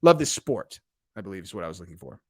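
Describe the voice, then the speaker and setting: A man hosting a casual livestream, rambling loosely with frequent fillers and swings from loud to quiet. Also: sits low, quick pace. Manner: animated swings in loudness. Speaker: host.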